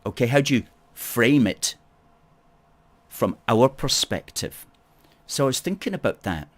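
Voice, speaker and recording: A man's voice: mid-range voice, expressive, measured pace. A middle-aged man hosting a campaign talk show, making his political case emphatically, repeating key phrases and checking in with "okay?". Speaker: campaign group host. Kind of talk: political monologue to camera.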